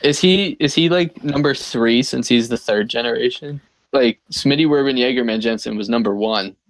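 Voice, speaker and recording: A woman playing in a tabletop game, chatting casually and joking with the other players. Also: extremely low pitch. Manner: playful, quick to joke.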